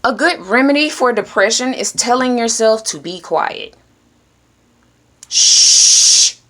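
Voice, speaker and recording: A woman giving an earnest, encouraging self-help talk straight to her viewers. She speaks directly and plainly, now and then dropping into hushed shushing. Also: on the high side, animated, moderate pace. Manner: drops to a hushed whisper when shushing. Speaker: vlogger.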